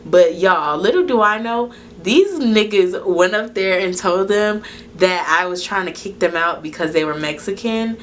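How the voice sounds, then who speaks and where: A woman telling a storytime to her camera in a casual, animated, profane way, acting out the people in it. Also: medium pitch, unhurried, a little hiss or hum. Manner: animated, profane retelling that acts out dialogue. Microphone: camera recording to SD card.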